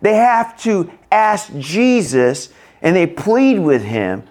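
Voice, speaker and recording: Slow-speaking male preacher. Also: a little high. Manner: expressive preaching, reads scripture then explains, asks the congregation questions. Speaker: pastor. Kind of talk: sermon.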